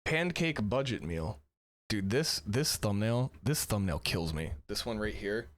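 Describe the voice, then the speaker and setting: Lively, animated male streamer. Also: on the low side, unhurried. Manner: animated, laughing, swearing. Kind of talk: reaction stream commentary.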